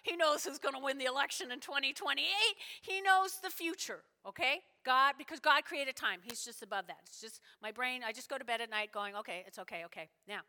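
A woman's voice: sits high, expressive, fairly quick, hardly any pauses, bright, forceful tone. A woman preaching a sermon, telling a story and acting out the voices of the people in it. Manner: storytelling, acts out quoted voices, emphatic. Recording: long reverb of a large hall.

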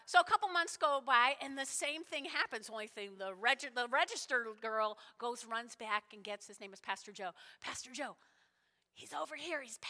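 A woman's voice: fairly high pitch, sharp tone. A woman preaching a sermon, telling a story and acting out the voices of the people in it. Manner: storytelling, acts out quoted voices, emphatic. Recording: long reverb of a large hall.

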